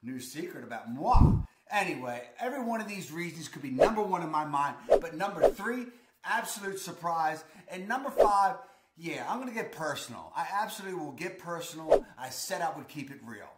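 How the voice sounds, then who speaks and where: A man from Baltimore with a Baltimore accent, chatting enthusiastically and emphatically in an energetic vlog. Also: fairly high pitch, brisk, reverberant, very noisy. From Baltimore, Maryland, USA. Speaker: real estate vlogger.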